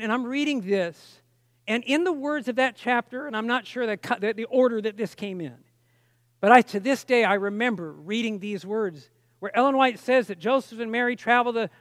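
A man's voice: very high-pitched, dry recording, studio quality. A man preaching a personal testimony sermon, telling the story with strong emotion and frequent restarts.

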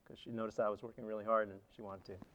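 A man's voice: fairly low pitch, level tone, rapid-fire, highs cut off, a little hiss or hum. A man presenting at a seminar, telling stories from his slides in a chatty, conversational way with frequent restarts. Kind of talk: casual slide presentation storytelling.

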